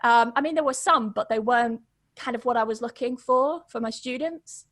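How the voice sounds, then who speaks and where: A young woman, a podcast guest telling her story in a chatty, quick way and laughing often. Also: fairly high pitch, fairly bright tone, dry recording, clean studio sound. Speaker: podcast guest, English pronunciation teacher. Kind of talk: casual storytelling interview.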